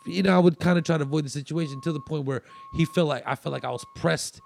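A man's voice: on the high side, fast, gravelly, slight background noise. A man telling a long story in casual chat, rambling with fillers and restarts.

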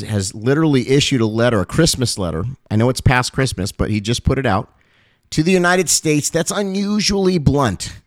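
Recorded dry with clean studio sound, a pastor's impassioned on-air address is urgent and emphatic. He repeats phrases and swells into loud, high calls.

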